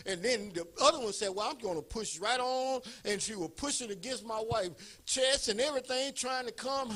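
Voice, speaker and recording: A male pastor telling a personal story in a sermon, animated and building up to shouts. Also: very high voice.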